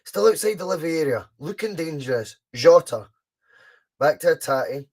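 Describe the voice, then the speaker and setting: A young Scottish man hosting a live fan watchalong, chatting casually, reacting excitedly to the match and answering viewers' comments. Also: a little high, normal speed. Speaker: podcast host doing a live fan watchalong.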